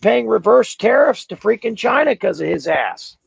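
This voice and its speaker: A man with a gravelly, raspy voice chatting about politics on a livestream, halting and searching for words. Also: high-pitched, sing-song, no room sound. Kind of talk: casual political chat. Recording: dull lo-fi dry sound.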